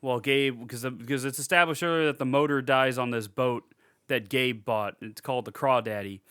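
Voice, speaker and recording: A man's voice: medium pitch, moderate pace, pushed and bright, smooth. A young man recapping a movie in casual podcast chat, rambling with lots of fillers and swearing freely. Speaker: podcast co-host.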